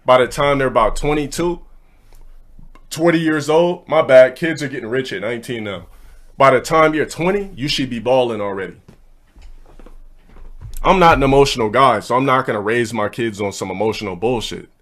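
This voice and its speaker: A young man telling a casual story and ranting bluntly, with plenty of profanity and a brash, hurried delivery. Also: mid-range voice, lively intonation, fairly bright tone. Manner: blunt, profane, brash, speeds up mid-thought. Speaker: streamer.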